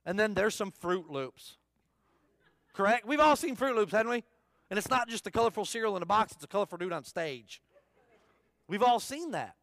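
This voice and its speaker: A man's voice: sits high, expressive, moderate pace, gravelly, pauses often, a bit bright, dry recording. A man preaching a sermon in a church service, talking conversationally, asking the congregation questions and repeating his key phrases. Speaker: pastor.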